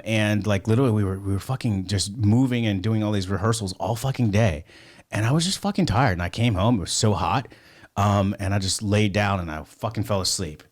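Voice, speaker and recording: A man telling rambling stories as a podcast guest, swearing constantly in casual talk. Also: lowish voice. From United States. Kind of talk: casual storytelling.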